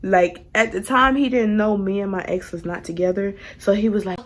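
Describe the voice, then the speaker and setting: A young woman telling a casual storytime to her viewers, animated and laughing as she goes. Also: mid-range voice, moderate pace. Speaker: vlogger.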